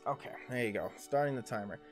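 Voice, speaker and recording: A man's voice: medium pitch, fast, faint music behind. A man running a tabletop game as dungeon master on a livestream, coaching his players in an instructive way.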